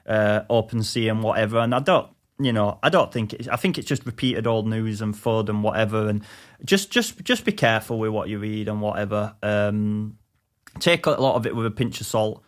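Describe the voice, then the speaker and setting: A man's voice: on the low side, normal speed. Male co-host, casual podcast chat, teasing and loose, often restarts his sentences. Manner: teasing, rambling with many restarts.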